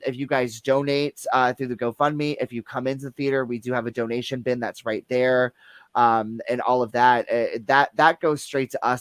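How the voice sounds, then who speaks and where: Here the guest from the movie theater keeps rambling through his anecdotes with plenty of fillers in casual podcast talk. The voice is medium-pitched and smooth, with no room sound.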